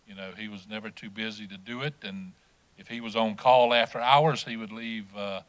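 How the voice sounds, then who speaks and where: Quiet low-voiced councilman. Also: fairly even intonation, moderate pace, low-quality recording. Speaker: county council member. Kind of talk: brief tribute at a council meeting.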